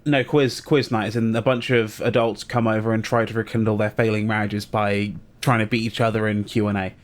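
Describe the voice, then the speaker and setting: A man's voice: on the low side, flat delivery, a little fast. A man with a British accent, co-hosting a podcast and telling a chatty anecdote in casual conversation. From Britain. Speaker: podcast co-host. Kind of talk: casual chat.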